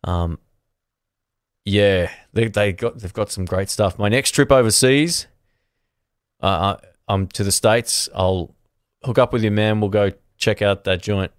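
A man's voice: lowish voice, measured pace, no echo. A man, hosting a live stream from his home studio and chatting through viewer comments in a friendly, rambling way. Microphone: dynamic podcast mic.

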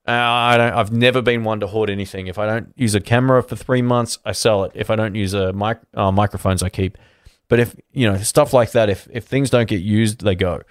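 A man's voice: fairly low pitch, no room sound. A man, hosting a live stream from his home studio and chatting through viewer comments in a friendly, rambling way. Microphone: dynamic podcast mic.

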